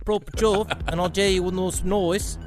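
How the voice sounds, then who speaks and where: A man's voice: high-pitched, steady tone, moderate pace, faint music behind, lightly acted. A man putting on a wobbly Yorkshire accent to play a boastful man showing off his motorbike, over the top and slipping between accents. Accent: Yorkshire, put on and wobbly. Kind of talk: comedy bit in a podcast.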